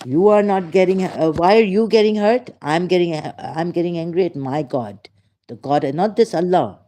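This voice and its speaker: A man hosting a rambling livestream monologue, emphatic and indignant, halting often with fillers. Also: high-pitched, dark tone. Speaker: channel host.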